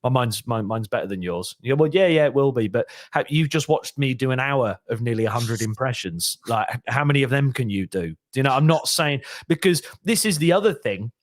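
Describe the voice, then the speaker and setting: A man's voice: medium pitch, fairly quick, few pauses. A man, a guest comedian and impressionist, chatting casually on a podcast and slipping into quoted voices. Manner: animated storyteller, slips into quoted voices.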